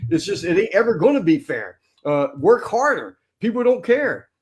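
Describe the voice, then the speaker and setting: A man giving blunt, animated motivational talk in a casual conversation. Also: sits high, moderate pace.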